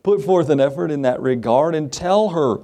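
A middle-aged man preaches a sermon in a relaxed, folksy way, and his voice sits a little higher than most men's. He talks to the congregation like he's chatting with friends, with chuckles and asides. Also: moderate pace. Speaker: pastor.

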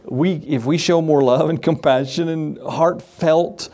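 A man's voice: fairly high pitch, animated, moderate pace, warm tone. A middle-aged man, a pastor, preaching a sermon in a folksy, conversational way with chuckling asides.

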